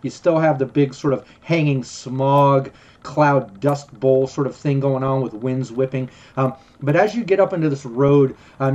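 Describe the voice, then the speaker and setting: A man's voice: mid-range voice, a little mellow, lo-fi sound. A man narrating a tabletop game as game master, rambling with many ums and restarts.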